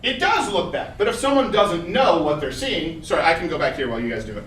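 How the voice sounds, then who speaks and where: A man hosting a live studio show, directing others through a demonstration in a commanding voice. His voice sits high for a man. He is sometimes muffled, speaking with his face close to the floor. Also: big pitch swings, fast, a bit bright, slight background noise. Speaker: host. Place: studio room.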